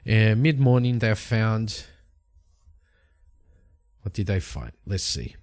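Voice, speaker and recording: A man's voice: fairly low pitch, expressive, slow pace, a little mellow. A man hosting a solo tabletop game, narrating the story and musing aloud as he checks tables and rolls dice. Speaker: host and solo game player.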